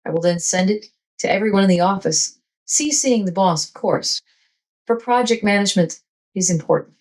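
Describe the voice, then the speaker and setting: A flirty, sensual temptress. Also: female voice, medium pitch, animated, normal speed, darkish tone, pitched above the performer's own voice, rough recording. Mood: matter-of-fact. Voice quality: smooth synthetic voice-changer voice. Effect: AI voice changer.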